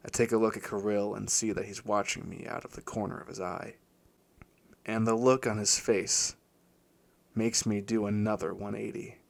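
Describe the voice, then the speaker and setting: A man's voice: fairly low pitch, vocal fry. A man reading a first-person story aloud in a weary, wry voice. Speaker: audiobook narrator.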